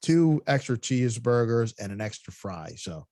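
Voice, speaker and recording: A man's voice: mid-range voice, very animated, normal speed, mellow, no echo. A man telling a casual story on a podcast, swearing freely, laughing often and acting out the voices of the people in it. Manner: profane, laughing, acts out quoted voices. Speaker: podcast co-host.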